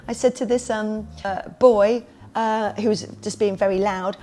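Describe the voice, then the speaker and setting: A woman who runs a kids party business, telling stories as a podcast guest in a lively way and acting out the voices she quotes. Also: medium pitch, brisk, hardly any pauses. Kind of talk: casual interview storytelling.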